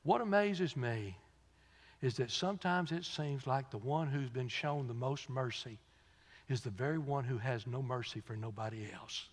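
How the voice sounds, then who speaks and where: A man preaching a sermon in a folksy storytelling manner, dropping to soft asides and rising to loud, emphatic peaks. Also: mid-range voice, normal speed, a little hiss or hum. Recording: long reverb of a large hall.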